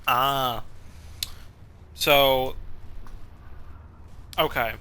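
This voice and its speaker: A man's voice: medium pitch, steady tone, drawn-out words, sharp tone, clear, resonant tone. A young man casually commenting while he plays a game, swearing often and laughing at his own jokes. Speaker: streamer playing a game.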